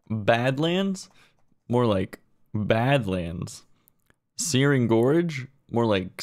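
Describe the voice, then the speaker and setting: A man doing a comedy monologue of pun roasts in a deadpan way, dropping lower and quieter for each punchline.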